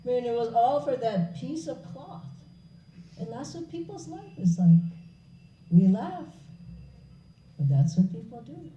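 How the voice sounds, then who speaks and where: A woman giving a public spiritual talk, an animated storyteller who laughs along with her own story. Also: a little high, unhurried, long pauses. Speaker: spiritual speaker. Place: hall. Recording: echoey hall, distant, dull.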